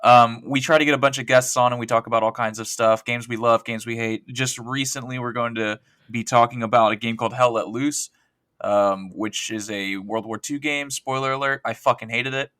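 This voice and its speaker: Male podcast guest, bright tone, rambling and self-mocking, dry sound. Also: medium pitch, fairly even intonation, normal speed, no echo. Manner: rambling, self-deprecating storyteller. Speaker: podcast guest, co-host of another show. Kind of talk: casual podcast chat.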